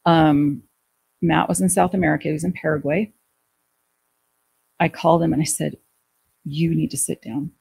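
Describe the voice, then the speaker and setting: Husky, gravelly woman telling her story. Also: deep voice, moderate pace, pauses often. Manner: animated retelling, acting out quoted dialogue. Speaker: guest. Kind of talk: personal storytelling in an interview.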